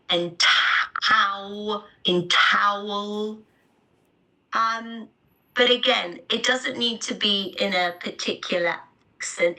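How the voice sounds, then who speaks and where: Woman teacher, slow deliberate speech, bright clear tone, live online lesson. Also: medium pitch, low-quality recording. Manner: clear, deliberate explanatory delivery.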